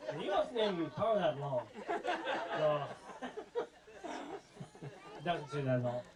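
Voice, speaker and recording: A man's voice: fairly high pitch, big pitch swings, takes it slowly, a loud crowd, poor audio. A middle-aged man giving a rambling, joking speech at a family gathering, often correcting himself as he goes. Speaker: son giving a presentation. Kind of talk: informal family speech with jokes.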